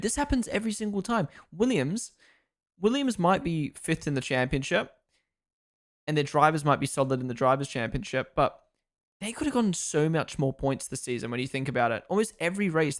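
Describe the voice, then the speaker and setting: A man's voice: fairly high pitch, big pitch swings, a little fast. A young man casually commentating live on a stream, reacting and thanking viewers by name. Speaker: streamer hosting a watchalong.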